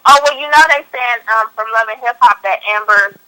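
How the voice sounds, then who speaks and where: A woman's voice: a little high, fairly quick, sharp tone, low-quality recording. A woman from the US West Coast, hosting a podcast in loose, slangy casual chat full of fillers and laughter. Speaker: podcast host.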